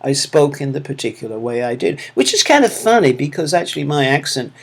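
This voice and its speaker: A man's voice: on the high side, big pitch swings, fairly quick, vocal fry. A man with a Manchester accent giving recorded course feedback as a lecturer, talking hesitantly with many fillers and restarts. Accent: Manchester English. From England. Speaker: university lecturer.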